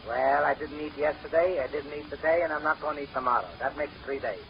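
An actor playing a hungry, scheming Italian sidekick with an Italian accent and broken grammar, in 1930s radio comedy. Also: male voice, fairly high pitch, fast, lo-fi sound, natural voice. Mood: cheeky. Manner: broken grammar, cheeky wordplay. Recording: scratchy 1930s radio recording.

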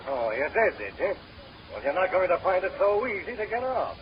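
An actor playing a gruff, bossy, suspicious ship officer in 1930s radio comedy. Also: male voice, high voice, big pitch swings, a little fast, a little hiss or hum. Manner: gruff, bossy, barking orders. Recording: muffled 1930s radio recording.

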